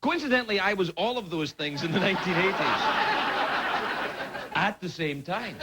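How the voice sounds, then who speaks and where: A man in his forties delivers a late-night comic monologue, his voice sitting high and leaping wildly in pitch. He swings into mock-outraged outbursts. Loud audience noise sits behind him in the studio. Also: lively intonation, normal speed. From Scotland. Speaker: late-night talk show host. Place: TV studio stage before a live audience.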